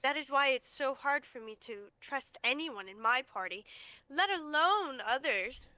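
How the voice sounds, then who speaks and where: A stern young heroine, played by a woman, with a high, bright voice. She speaks in a measured, reproachful way. Dry, close sound. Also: animated, dry recording, heavily acted.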